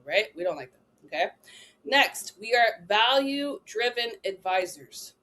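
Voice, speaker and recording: A woman's voice: mid-range voice, animated, a little slow, a bit bright. A young adult woman giving a chatty, emphatic training talk to travel agents, often checking in with "right?" and "okay?".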